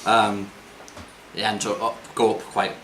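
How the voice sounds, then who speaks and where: A man runs a tabletop game, reading out scenes and fixing his slips as he goes. His voice is bright and a little low. The room echoes and a faint noise sits behind him. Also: level tone, a little slow. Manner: descriptive narration with small self-corrections. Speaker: game master.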